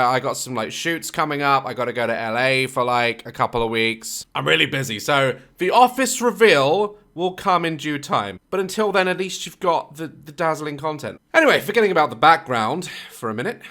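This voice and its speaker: Man, reaction video host, casual commentary, sarcastic jokes, bright tone, very animated pitch. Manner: sarcastic, joking, mocking asides. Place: home office.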